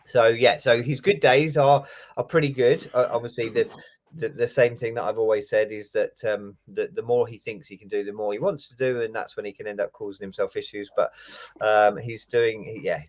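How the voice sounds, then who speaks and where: A man's voice: on the low side, steady tone, normal speed, slight background noise. Easygoing man, chatting on a call. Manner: easygoing, hesitant, lots of fillers. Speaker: co-host, police officer. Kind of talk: casual chat.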